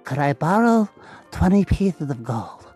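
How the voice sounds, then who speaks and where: A man's voice: sing-song, measured pace, darkish tone, slightly rough, full character voice. Casting: man playing a skittish rambling oddball, stammering, voice leaping all over the place. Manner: stammering, repeats words, pitch swooping wildly.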